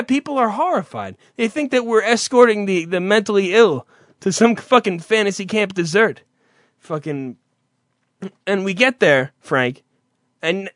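A man hosting a podcast, teasing his cohost with profane, rambling stories and loud impressions. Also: high-pitched, lively intonation, a little slow, no echo, clean studio sound. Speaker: podcast host. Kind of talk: casual profane banter.

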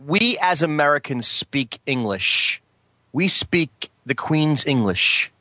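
A man co-hosting a comedy podcast, deadpan and stubborn, talking in affected broken grammar. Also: fairly high pitch, slow, no echo. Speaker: podcast co-host.

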